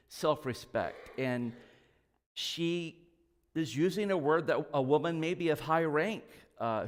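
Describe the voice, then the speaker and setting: In a church sanctuary, a pastor with a fairly high voice preaches a sermon in a relaxed, conversational style, sprinkling in asides and little jokes. The recording has a big-room sound.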